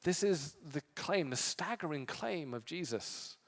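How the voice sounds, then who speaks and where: A male pastor preaching a sermon with impassioned emphasis, swinging from strong peaks to quiet, low passages. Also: expressive, measured pace, big-room sound. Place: church sanctuary.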